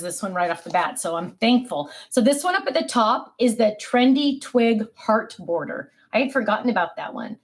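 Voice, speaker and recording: A middle-aged woman hosting a casual live stream, gushing over cards and reading viewer comments aloud. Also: mid-range voice.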